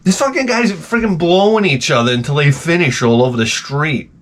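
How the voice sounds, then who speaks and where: A man's voice: on the high side, fairly quick, a bit bright, slight background noise. A man hosting a casual talk show, rambling and ranting crudely, often slipping into mocking voices. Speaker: podcast host. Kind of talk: rambling profane casual chat.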